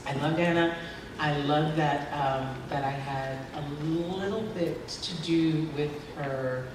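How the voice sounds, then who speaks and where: A woman's voice: low-pitched, slow. A woman as an actress answering questions at a convention panel, chatty and laughing often, with many fillers. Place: large convention hall. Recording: echoey hall from far off, noisy.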